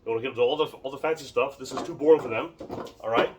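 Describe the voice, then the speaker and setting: A man's voice: mid-range voice, very fast. Guy teaching a martial arts drill, rambly and repeats himself, mic kinda far off, noisy. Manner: rambling, repeats words, emphatic. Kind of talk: casual demonstration lesson. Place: home training space.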